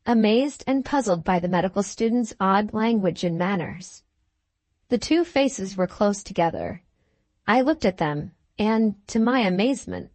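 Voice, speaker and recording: A woman with a mid-range voice narrates a classic novel as an audiobook, telling the story in a measured, even manner. The recording has no echo.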